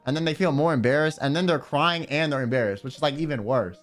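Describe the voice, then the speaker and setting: A man's voice: on the high side, quick pace, faint music behind. A man streaming and chatting casually, rambling with lots of fillers and swearing. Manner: rambling, profane, trails off with fillers. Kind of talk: casual livestream chat.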